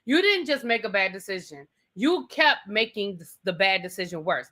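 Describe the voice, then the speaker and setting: Bright-voiced, opinionated woman co-host. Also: medium pitch, lively intonation, normal speed. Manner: opinionated, emphatic, addresses people directly. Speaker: podcast co-host. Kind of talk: casual recap chat.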